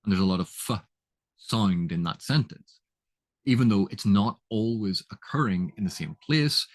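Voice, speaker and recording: Low-voiced man explaining literary terms. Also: expressive, normal speed. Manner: chatty, laughs at own examples, restarts often. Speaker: literature educator. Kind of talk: casual explanatory lesson.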